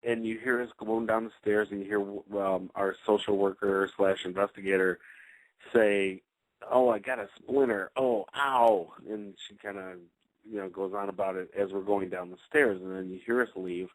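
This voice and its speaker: A man's voice: low-pitched, flat delivery, moderate pace, dry recording, rough recording. A man, a paranormal investigator, chatting casually on a radio show, rambling with many fillers and restarts.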